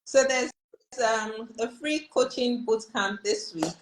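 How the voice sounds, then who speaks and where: A woman's voice: a little high, takes it slowly, a little hiss or hum, poor audio. A woman hosting a live online talk, giving short replies and making announcements. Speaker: host.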